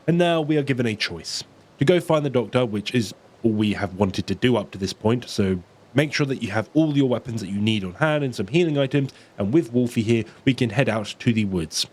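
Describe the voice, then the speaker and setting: A man's voice: mid-range voice, expressive, fairly quick, a little mellow. A man, commenting casually and profanely on a horror game's story as a video host. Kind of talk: game lore commentary.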